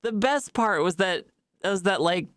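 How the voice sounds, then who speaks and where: A woman's voice: medium pitch, animated, unhurried, no echo, studio quality. A woman streamer telling a casual anecdote live, laughing often and acting out other people's lines.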